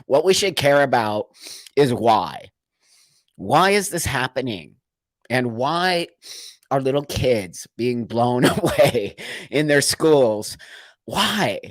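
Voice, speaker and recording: A man's voice: medium pitch, big pitch swings, takes it slowly, long pauses, no echo. A man hosting a livestream, talking in an earnest, emotional monologue full of repeated rhetorical questions. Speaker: livestream host.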